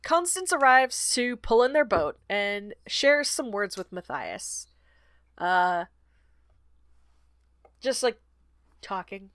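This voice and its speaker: A woman's voice: a little high, sing-song, takes it slowly, long pauses, a bit bright, no room sound, studio quality. A woman co-hosting a book podcast, recapping chapters in casual chat, laughing often and swearing freely. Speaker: podcast co-host.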